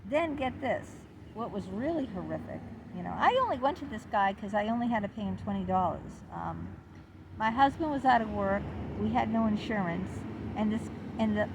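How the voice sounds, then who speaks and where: A middle-aged woman vlogger telling a personal story in an indignant, animated, exclaiming way. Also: medium pitch, noisy background. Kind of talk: confessional storytelling to camera.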